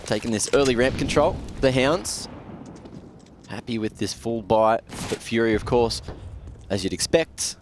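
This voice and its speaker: An Australian man giving brisk, slangy play-by-play commentary on an esports match. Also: medium pitch. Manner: brisk, colloquial, sporty slang. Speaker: esports caster. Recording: noisy game audio behind.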